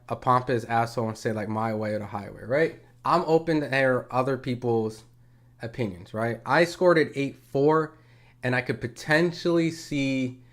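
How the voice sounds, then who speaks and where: A man commenting on a boxing match in a livestream. He talks casually, swears, and argues with viewers' comments. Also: medium pitch. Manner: conversational, profane, argumentative.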